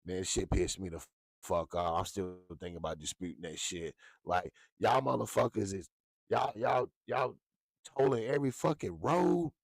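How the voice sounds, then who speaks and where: A man hosting a casual talk show, ranting with lots of profanity and animated swings into high yelps. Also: normal speed, gravelly, dry recording, clean studio sound. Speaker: show host.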